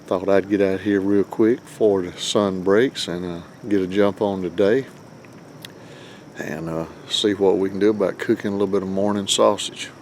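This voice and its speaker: A man's voice: sits low, steady tone, normal speed, a little mellow. A middle-aged man chatting casually, rambling and joking at his own expense, outdoors by a grill before dawn. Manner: folksy, rambling, self-deprecating. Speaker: vlog host. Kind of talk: casual outdoor vlog chat. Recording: faint outdoor background noise.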